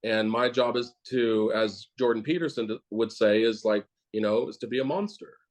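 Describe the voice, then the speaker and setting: A man's voice: on the low side, moderate pace. A man, a dentist, talking bluntly and casually in an interview, rambling with many fillers and swearing.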